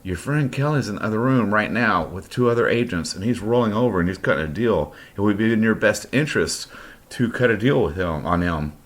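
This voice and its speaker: Stern male FBI agent, pressuring and smug, put on by a deep-voiced male storyteller. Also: expressive, fairly quick.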